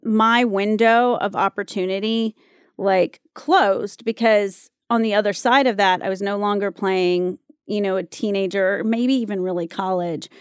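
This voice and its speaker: A woman in her forties tells stories from her acting years in a relaxed interview. Her voice is smooth and resonant, with a medium pitch. She talks in a chatty, meandering way that is recorded close and dry. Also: a little slow, no room sound. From North Carolina, USA. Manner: chatty storyteller, frequent fillers and laughs. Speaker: actress guest. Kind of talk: casual interview chat.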